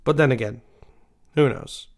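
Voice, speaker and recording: A man's voice: mid-range voice, unhurried. A young man hosting his own show, chatting casually in a rambling way with lots of fillers and restarts. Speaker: show host. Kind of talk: casual solo chat.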